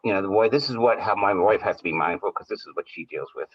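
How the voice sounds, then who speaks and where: A man's voice: sits low, fast talker. A man presenting at a seminar, telling personal stories in a conversational way, full of restarts and "you know". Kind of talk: casual anecdotal storytelling. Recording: distant, dull lo-fi recording.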